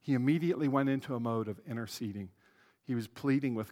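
A man's voice: mid-range voice, fast talker, darkish tone, in a large hall. A man pastor giving a conversational sermon, with asides and self-corrections.

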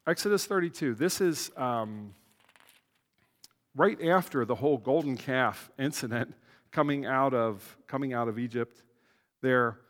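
A man's voice: medium pitch, a little slow, a bit bright, long reverb tail. A man pastor giving a conversational sermon, with asides and self-corrections.

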